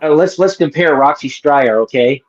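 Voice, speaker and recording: A man with a slightly high voice co-hosts a live stream in a profane, emphatic rant, throwing out insults. The audio sounds dull and lo-fi. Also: normal speed. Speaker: co-host of a live movie-review stream.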